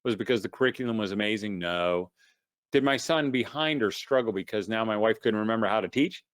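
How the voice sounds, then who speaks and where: A middle-aged man giving a casual, motivational webinar talk to homeschooling parents, telling folksy stories full of "you know" and swinging between loud bursts and quiet asides. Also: on the low side, brisk, dry recording, clean studio sound. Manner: folksy storyteller, many "you know" fillers. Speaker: homeschool speaker.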